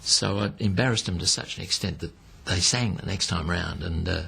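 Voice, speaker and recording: Australian male storyteller for an interview, low gravelly voice, acts out the people in his stories. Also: moderate pace. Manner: lively storyteller who acts out the people he quotes. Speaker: entertainer interviewee.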